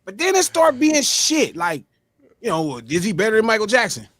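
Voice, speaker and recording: A man's voice: high voice, big pitch swings, normal speed, fairly bright tone, dry recording. A man on a podcast panel, arguing in a casual, emphatic, exasperated way.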